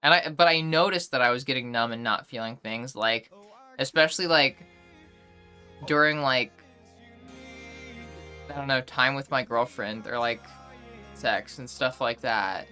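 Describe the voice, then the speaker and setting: Bright-voiced young woman streamer rambling. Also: rumbling low, unhurried, pauses often, soft background music. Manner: rambling, heavy on fillers. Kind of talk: casual live-stream chat.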